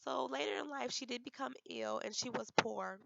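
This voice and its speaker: A young woman giving a class presentation, hoarse and losing her voice, speaking hesitantly with many fillers and restarts. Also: sits high, moderate pace, dull audio, very noisy. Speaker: student presenter.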